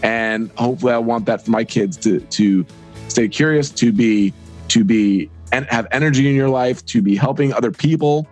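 Rambling, energetic man talking with a guest's ease. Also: mid-range voice, husky, no room sound. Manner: energetic, rambling, quotes imagined dialogue. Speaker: podcast guest, entrepreneur and author. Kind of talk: casual interview talk.

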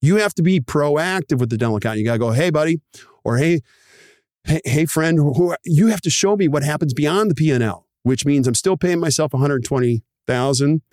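Here a man with a fairly high-pitched voice hosts a podcast, captured in a dry, clean studio recording. He explains practice numbers energetically and performs little dialogues, animatedly voicing other people in quick asides.

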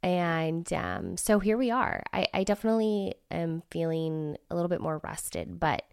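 A woman's voice: lowish voice, normal speed, vocal fry, clean tone, dry recording, studio quality. A woman hosting a solo podcast while sick with a cold, talking in a chatty, candid way with her voice nasal and scratchy. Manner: chatty, candid, with filler words. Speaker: podcast host and business consultant.

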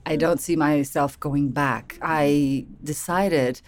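A middle-aged woman from Portugal speaks with a Portuguese accent in a low, deep register. She is a life coach being interviewed, telling her story with lively, acted-out inner thoughts. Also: takes it slowly. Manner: animated storytelling, acts out her own past thoughts. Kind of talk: conversational interview.

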